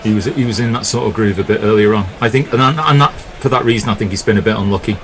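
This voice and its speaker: A man co-commentating on cricket, reading listener messages in relaxed, jokey chat. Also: lowish voice, quick pace, poor audio.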